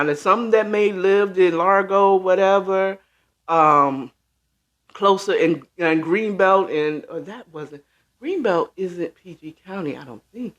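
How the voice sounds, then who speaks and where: A middle-aged host from the Washington, D.C. area (D.C.-born, Maryland-raised) chats casually on a livestream, rambling to his viewers with many ums. His voice sits high with a fairly bright tone.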